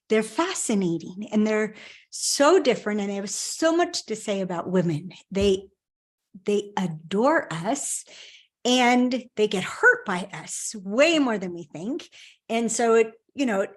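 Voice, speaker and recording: Middle-aged woman interview guest, mid-range pitch, earnest and emphatic. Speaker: guest author. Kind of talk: conversational interview.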